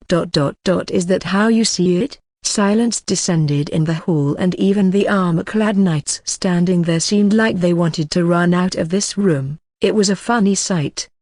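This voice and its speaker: A synthetic-sounding narrator giving an even, unhurried scripted reading of a web novel. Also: mid-range voice, no room sound. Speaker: audiobook narrator.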